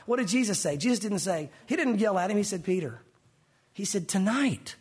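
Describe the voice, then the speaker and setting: High, husky-voiced male preacher. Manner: animated, acts out dialogue in different voices. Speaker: pastor. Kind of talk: sermon.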